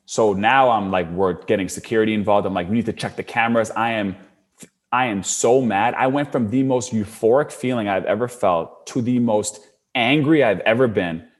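A young man in casual conversation tells a long story and leans hard on filler words. His voice sits a little low but swings up sharply when he gets excited or upset. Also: moderate pace. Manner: animated, filler-heavy, rising pitch when worked up. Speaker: storyteller guest.

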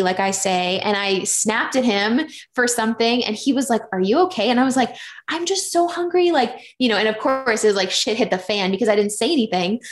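A woman in her thirties, a podcast guest, telling candid personal stories in casual chat, with many fillers. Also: a little high.

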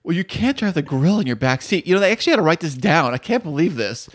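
A man's voice: a little high, very animated, racing. A man co-hosting a casual comedy podcast, reading out odd facts and riffing on them in a jokey, rambling way. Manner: jokey, rambling, reads items aloud. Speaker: podcast co-host. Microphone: studio mic.

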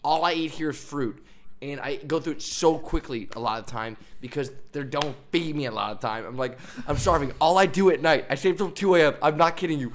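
A young man hosting a podcast, telling a story in a casual, animated way, with frequent laughs and fillers. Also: fairly high pitch, brisk. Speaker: podcast host. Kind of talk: casual chat.

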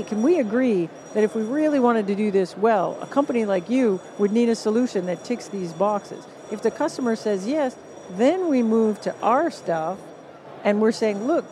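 A woman with a Canadian accent, a guest author on a live podcast stage, explaining ideas in an animated storytelling way and acting out what people said. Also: medium pitch, a little hiss or hum. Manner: animated storyteller, acts out quoted reactions. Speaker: guest author and positioning consultant. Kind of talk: conversational interview on a podcast stage.

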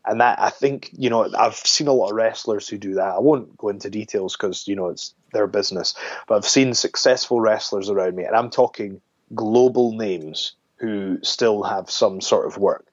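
A wrestler appears as a guest on a casual podcast interview, speaking at a moderate pace in a lowish voice. He's earnest and rambling, often stopping to correct himself. The recording has no echo and its highs are cut off.

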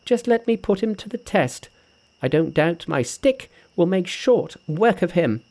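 A man's voice: high voice, expressive, measured pace, a little mellow. A man reading an audiobook who voices a boastful, cocky male monkey hero in a brash, confident manner. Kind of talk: audiobook character voice.

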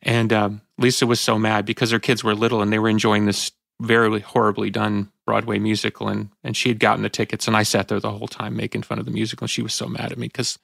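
A man in his fifties speaks as a podcast host, reflective and halting. His voice is gravelly and recorded close and dry, and he often breaks off and restarts as emotion catches him. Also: fairly low pitch, monotone, a bit bright, no echo. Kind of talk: reflective conversational talk.

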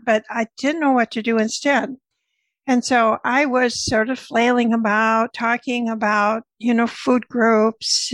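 An older woman, a nutritionist guest, telling lively stories from her career in a conversational way. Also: on the high side, creaky, no room sound, poor audio. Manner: lively anecdotal storyteller. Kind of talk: conversational storytelling.

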